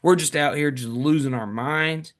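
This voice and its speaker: Animated man with a higher voice. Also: normal speed. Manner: animated storyteller, lively jokes. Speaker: podcast co-host. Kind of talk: casual chat.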